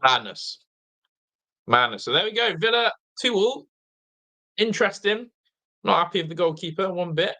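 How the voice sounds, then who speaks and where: Tired English man hosting a fan watch-along, bright, slightly higher voice, loose chatty delivery, reads out viewer comments. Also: lively intonation, moderate pace, long pauses. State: tired, half asleep.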